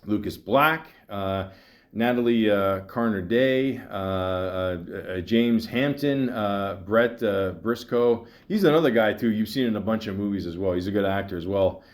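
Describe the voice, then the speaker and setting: Rambling male podcast host, low voice. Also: measured pace. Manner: rambling, many fillers and restarts; breaks into voice impressions of movie lines. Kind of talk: casual solo movie talk.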